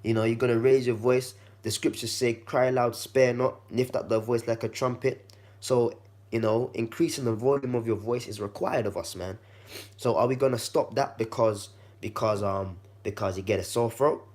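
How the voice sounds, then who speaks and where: A man with a slightly croaky, congested voice, giving a laid-back how-to demonstration in his kitchen and talking to the viewer like a friend. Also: medium pitch, fairly even intonation, moderate pace, a little mellow. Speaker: vlogger.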